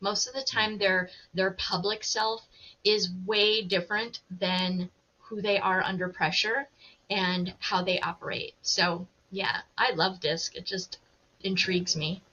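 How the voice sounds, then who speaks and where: Woman, coach, bright sharp tone, lively, slightly dull lo-fi recording. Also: mid-range voice, measured pace. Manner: lively, laughs easily. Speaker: coach and guest. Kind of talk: casual interview explanation.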